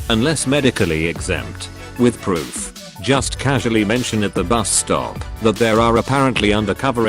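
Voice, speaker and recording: Low synthetic male reader voice. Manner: flat, misreads symbols and abbreviations aloud. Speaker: narrator reading online posts. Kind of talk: text-to-speech reading of forum posts.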